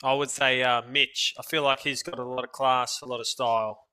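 A man talking as a guest on a casual podcast, relaxed and laughing, animated when telling stories. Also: mid-range voice, fairly quick, clear, resonant tone.

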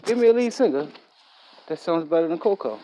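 A man's voice: a little high, lively intonation, brisk, warm tone, slight background noise, rough recording. Sex: man. Role: slangy, boastful podcast host. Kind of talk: casual solo podcast monologue. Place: at work while recording.

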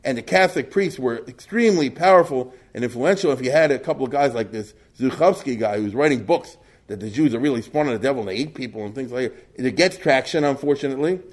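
A man's voice: medium pitch, expressive, fast talker. A man giving a history lecture in a conversational, rambling way, with many fillers, asides and rhetorical questions he answers himself.

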